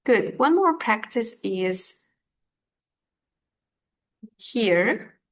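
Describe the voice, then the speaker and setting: Woman teacher, unhurried, patient, filler words. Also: on the high side, big pitch swings. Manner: slow, patient, with fillers and restarts. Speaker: English teacher. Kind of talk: online language lesson.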